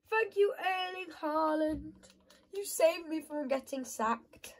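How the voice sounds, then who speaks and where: A woman giving excitable commentary while playing a football video game, often shouting and squealing at the match. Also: sits high, slow pace, rough recording. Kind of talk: gaming commentary.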